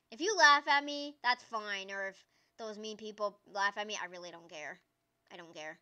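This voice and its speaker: This young gaming-channel host gets worked up over the game, squealing and cheering as she comments. Her mid-range voice is smooth and a touch slow.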